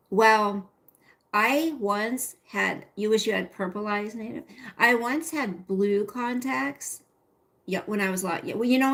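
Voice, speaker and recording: A woman's voice: mid-range voice, a bit bright. A middle-aged woman hosting a casual livestream, rambling and chatty as she talks to viewers by name and reads their comments. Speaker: livestream host.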